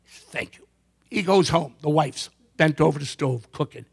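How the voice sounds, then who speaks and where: A man doing a stand-up comedy routine before a live audience, telling jokes and slipping into quick character voices. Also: on the high side, gravelly, breathy edge. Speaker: comedian and magician.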